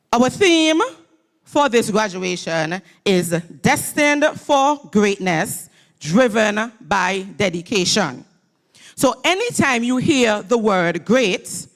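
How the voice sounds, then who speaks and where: A woman giving a motivational graduation address in a church. She speaks emphatically and leads call-and-response with her audience. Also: medium pitch. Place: church hall at a graduation ceremony.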